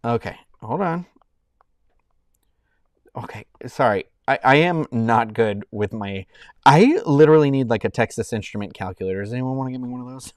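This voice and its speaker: A man's voice: medium pitch, lively intonation, normal speed, no room sound, clean studio sound. Rambling man on a live stream. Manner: rambling, self-interrupting, thanking donors warmly. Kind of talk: casual live stream chat.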